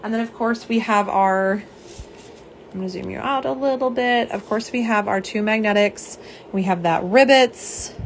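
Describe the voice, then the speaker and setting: A young woman hosting a casual live stream, slightly hoarse, chatty and self-deprecating as she talks to viewers. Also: medium pitch, slight background noise. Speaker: live stream host showing nail polish swatches.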